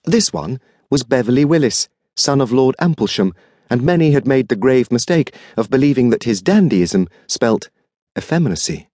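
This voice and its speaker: A man narrating an audiobook mystery with expressive, varied storytelling. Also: mid-range voice, normal speed, no echo, clean studio sound. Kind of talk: scripted narration.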